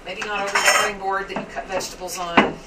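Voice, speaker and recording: A home cook vlogger chats quickly in a mid-range, fairly flat voice, rambling and a bit squeamish about handling raw meat. The mic sits at a distance in her home kitchen, picking up lots of clatter and background noise.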